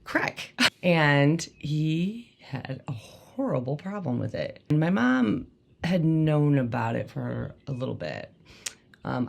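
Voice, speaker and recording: This is a podcast host recounting personal memories in a candid, conversational way. The voice sits at a middling pitch with a gravelly edge, and the delivery wanders with frequent fillers before landing emphatic points. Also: a little mellow. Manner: casual, rambling, many "like" fillers, emphatic.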